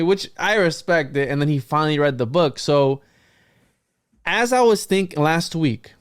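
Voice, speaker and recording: A man hosting a podcast, telling a story to his guests in a casual, animated way and acting out what people said. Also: fairly high pitch, normal speed, clean tone, no echo, studio quality. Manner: animated storyteller, quotes people in lively voices, frequent restarts. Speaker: podcast host.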